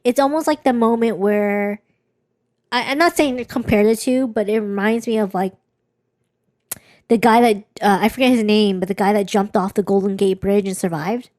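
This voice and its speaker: With a medium-pitched, slightly mellow voice, steady tone and moderate pace, a young podcast co-host recounts something personal. She restarts a lot and rambles candidly in this casual chat, recorded dry at studio quality.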